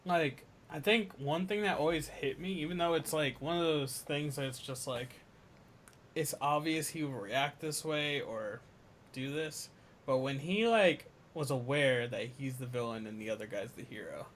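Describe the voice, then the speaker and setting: A man co-hosting a casual podcast chat, animated, dropping to low mumbles and jumping to loud exclamations. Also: moderate pace, slight background noise. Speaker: podcast co-host.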